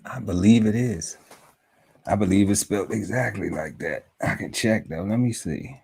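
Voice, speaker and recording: A man hosting a casual podcast panel. He slowly reads through lists of words, musing aloud and breaking into laughter now and then. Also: fairly low pitch, creaky, darkish tone, husky. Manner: slow, musing list-reading broken by laughter and asides.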